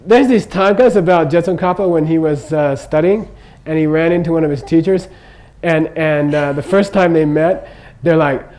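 An older man leads a casual Buddhist session at a brisk clip, his slightly high voice a little mellow. Humorous and chatty, he wanders into asides and checks in with "okay?" again and again, conversational instead of preached. The recording quality is low.

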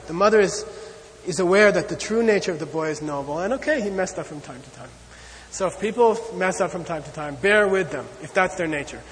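A man with a high-pitched voice lectures on Buddhist ideas, animated and conversational, often checking in with "okay?" and "you know." Long hall reverb surrounds the recording.

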